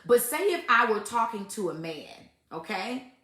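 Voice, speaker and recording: A woman's voice: a little high, sing-song, moderate pace, a bit bright, echoey room. A woman hosting a casual faith-based talk on relationships, emphatic and repetitive, often laughing as she makes her points. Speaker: host giving relationship advice.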